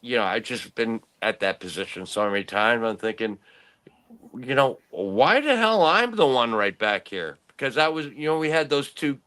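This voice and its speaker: A man's voice: mid-range voice, lively intonation, normal speed, fairly bright tone. A man in his late fifties, a podcast host, telling rambling stories in casual chat and laughing often. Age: 50s.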